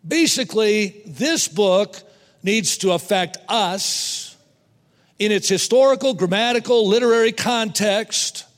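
High-voiced man preaching in a reverberant hall. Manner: emphatic, repeats words and slows for stress. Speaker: preacher teaching other preachers. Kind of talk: sermon to preachers.

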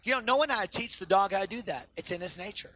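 A man preaching a sermon to a congregation as pastor, animated and swinging between loud outbursts and quiet intensity. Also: high voice, fast talker, dry recording. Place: church sanctuary before a congregation.

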